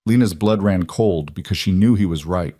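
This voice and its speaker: A male narrator reads a dramatic romance story in an even, storytelling way. His voice is on the low side. The sound is dry and close, with no room echo. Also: normal speed.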